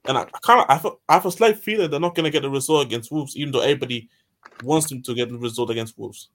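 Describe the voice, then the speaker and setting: A man's voice: mid-range voice, rapid-fire, a bit bright, slight background noise. A man in a casual football chat, rambling and repeating himself as he makes his point.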